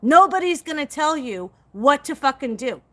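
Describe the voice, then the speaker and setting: A woman's voice: sits high, lively intonation, normal speed, fairly bright tone. A middle-aged woman hosting a live stream, talking straight to her viewers in a blunt, profane, emphatic rant. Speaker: psychic livestream host.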